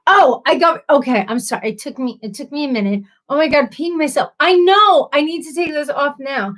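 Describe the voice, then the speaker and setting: A woman's voice: high-pitched, a little fast, low-quality recording. A woman hosting a casual livestream chat, giggly, rambling and apologetic, a little tipsy from drinks. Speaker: livestream host.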